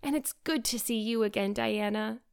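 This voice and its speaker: A woman's voice: fairly high pitch, moderate pace, creaky, clean tone. A woman reading an eager, dreamy teenage girl. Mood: joyful. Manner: earnest and effusive. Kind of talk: audiobook character reading.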